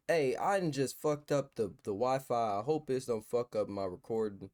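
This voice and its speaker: A man's voice: mid-range voice, a little slow, a little mellow. A man hosting a reaction video, talking bluntly in heated, repetitive street slang. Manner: blunt, profane street talk. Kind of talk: casual reaction commentary.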